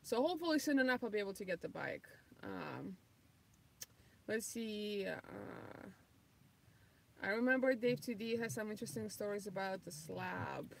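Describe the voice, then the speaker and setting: Livestream host, woman, 30s, non-native English speaker, vocal fry, loose and filler-heavy. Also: mid-range voice, lively intonation, moderate pace, a little hiss or hum. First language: not English. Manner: reads viewer comments aloud, many ums. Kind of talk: casual livestream Q&A.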